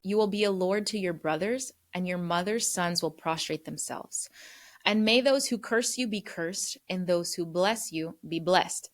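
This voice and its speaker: A woman voicing an old father who is blind, speaking slowly and solemnly. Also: fairly low pitch, close to an everyday voice.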